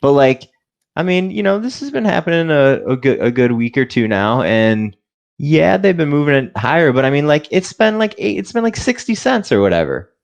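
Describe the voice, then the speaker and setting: A man working on a stock trading show, talking casually with lots of fillers and a relaxed, hesitant flow. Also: fairly high pitch, normal speed, creaky. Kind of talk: casual market chat.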